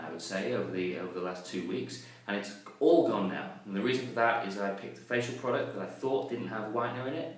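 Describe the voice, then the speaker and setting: Deep-voiced man in a very echoey room. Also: fairly bright tone. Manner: chatty, self-deprecating storytelling. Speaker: vlogger. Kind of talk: casual vlog chat. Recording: very echoey room, mic at a distance.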